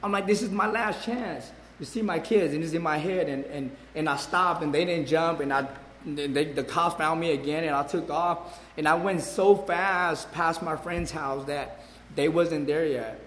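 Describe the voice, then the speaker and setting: A man's voice: on the high side, steady tone, moderate pace, a bit bright, slight background noise. Brief: man in his forties, rambling personal testimony, stumbles and repeats, echoey hall with a long tail. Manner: rambling, repeats words, many fillers. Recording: echoey hall with long reverb, faint ambience.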